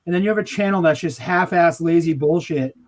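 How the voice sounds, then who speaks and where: A man chatting on a livestream, telling stories in an excited, laughing way. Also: fairly high pitch, brisk. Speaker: stream guest. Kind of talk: casual chat.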